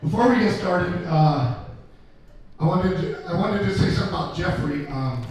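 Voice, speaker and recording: A man's voice: sits high, lively intonation, moderate pace, a little mellow, a little hiss or hum. A man hosting a comedy show on stage, roasting the headliner in a mock-bitter way. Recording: echoey club with music.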